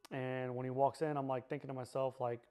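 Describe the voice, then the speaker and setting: A man giving a personal testimony in a halting way, repeating himself and often pausing with fillers. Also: medium pitch, level tone, clear, resonant tone, highs cut off. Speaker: survivor sharing his personal story.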